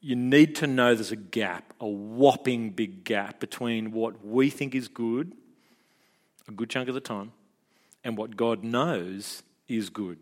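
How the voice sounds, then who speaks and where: A man's voice: mid-range voice, slow pace. A middle-aged man with an Australian accent preaching a sermon in a chatty, joking way, often stumbling and repeating words. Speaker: pastor. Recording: long hall reverb.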